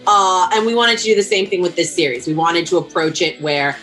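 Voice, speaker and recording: Woman producer, lowish voice, smooth pitch talk, soft music under. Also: fairly quick. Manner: polished, pitch-like. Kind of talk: interview answer.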